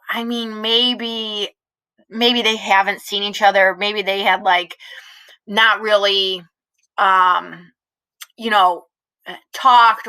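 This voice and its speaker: A woman's voice: mid-range voice, sharp tone, poor audio. A woman teacher explaining a play in a casual, chatty way with many fillers. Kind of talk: explaining a play in a recorded lesson.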